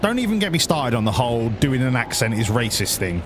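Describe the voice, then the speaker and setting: Sarcastic man with a lively voice. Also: medium pitch, fairly quick, background noise. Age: adult, grew up before the 1980s. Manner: sarcastic banter, swears freely. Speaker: streamer. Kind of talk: live gameplay commentary.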